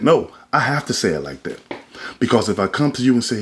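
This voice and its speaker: A man's voice: on the low side, big pitch swings, quick pace, a little hiss or hum. A man hosting a podcast, talking in a casual but sermon-like way, emphatic and colloquial. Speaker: podcast host. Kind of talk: casual preachy monologue.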